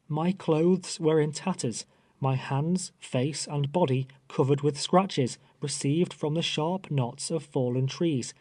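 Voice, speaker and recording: A man's voice: a little high, dark tone, no echo. Grave male audiobook narrator, dry close sound. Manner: measured, grave storytelling. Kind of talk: scripted first-person narration.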